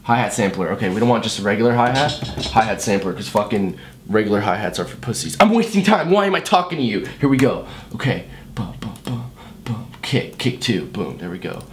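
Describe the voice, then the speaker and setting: A man making a beat against the clock in a comedic vlog, talking himself through it with loud, profane chatter and mock-dad jokes. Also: on the low side, brisk. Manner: hyper, profane self-talk while working; jokey mock-dad banter. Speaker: music producer. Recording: echoey room with steady noise.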